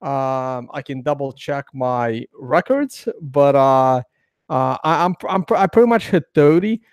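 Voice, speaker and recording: A man's voice: medium pitch, expressive, unhurried, smooth, no room sound, studio quality. A man hosting a casual trading video, talking through charts in a rambling way, with many fillers and restarts. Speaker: crypto trading video host. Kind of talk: casual chart analysis commentary.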